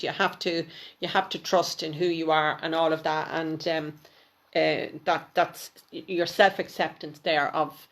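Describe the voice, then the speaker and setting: On a live intuitive card reading, a woman with a lowish voice chats with viewers and calls them by name. She gently repeats words and trails off into near-whispers.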